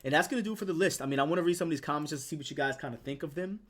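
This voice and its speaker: A man's voice: fairly high pitch, rapid-fire, fairly bright tone. A man in his twenties giving casual commentary as a gaming YouTuber, with laid-back slangy talk, swearing and lots of filler words. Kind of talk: casual commentary on a ranking list.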